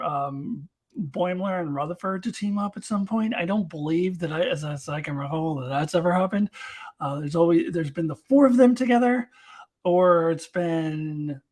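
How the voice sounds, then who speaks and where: A woman's voice: deep voice, a little mellow, breathy edge. A woman giving a casual live-streamed review of a TV episode, chatty and enthusiastic, with lots of fillers as she talks.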